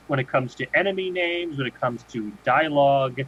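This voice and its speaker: Speaking at a normal speed in a medium-pitched, somewhat bright voice, a man co-hosts a podcast in a casual, rambling conversation full of restarts. Faint noise and dull, lo-fi sound color the audio.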